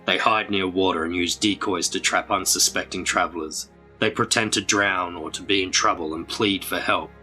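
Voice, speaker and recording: A man reading a storybook aloud while voicing a glum, gruff male warrior guide. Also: low-pitched, normal speed, soft background music, poor audio. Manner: glum and steady.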